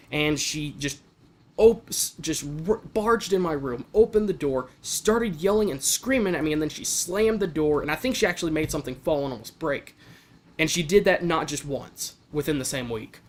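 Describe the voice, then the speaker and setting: A young man venting in a casual vlog, talking in a frustrated way with frequent restarts and stumbles. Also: on the high side. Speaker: vlogger.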